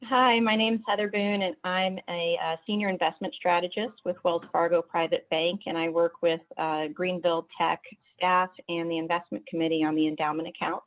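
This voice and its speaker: A woman in her thirties gives a friendly introduction on a video call with a few small hesitations. Her voice is somewhat low and comes through a thin, phone-like line. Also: little pitch movement, normal speed. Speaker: investment strategist. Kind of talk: casual self-introduction. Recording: tinny phone-like call audio.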